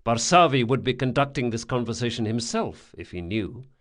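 A man reading an audiobook in a dramatic, expressive way. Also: medium pitch, normal speed. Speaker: audiobook narrator. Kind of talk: scripted audiobook narration.

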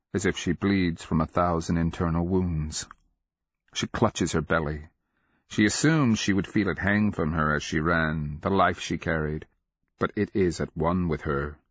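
Deep, unhurried male narrator; measured and dramatic, dry and slightly dull recording. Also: fairly bright tone, no room sound. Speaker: audiobook narrator. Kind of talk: scripted literary narration.

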